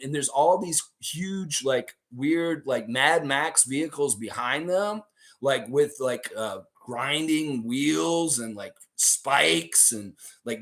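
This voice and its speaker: A young man with a hoarse voice hosting a live stream, rambling animatedly through stories and chat with his viewers. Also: fairly high pitch, a bit bright.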